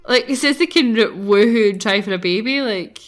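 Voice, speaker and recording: A woman's voice: fairly high pitch, brisk. A young woman chatting casually and giggling as she comments on her gameplay for viewers, tired from recording early in the morning. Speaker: gaming channel host.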